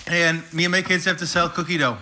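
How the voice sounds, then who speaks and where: A man's voice: a little high, fairly even intonation, fast, heavy background noise. A man, a teacher, chatting dryly on a casual podcast with friends. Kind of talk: casual chat.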